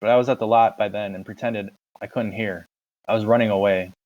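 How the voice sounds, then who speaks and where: A man reading a novel aloud in a plain, steady first-person narration, on a dull lo-fi recording. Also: on the low side, fairly quick. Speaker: audiobook reader.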